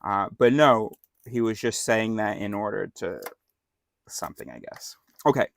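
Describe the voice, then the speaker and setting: A man's voice: on the low side, animated, normal speed, gravelly. A man giving casual, irreverent commentary on a scripture reading, joking and correcting himself as he goes. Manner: irreverent, joking, self-correcting, laughs often. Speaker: bible study host.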